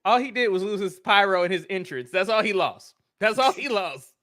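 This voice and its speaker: Homem de voz aguda reclamando. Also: male voice, sits high, expressive, fairly quick, bright, forceful tone. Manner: exasperated ranting, restarts. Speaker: podcast co-host. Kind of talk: casual chat.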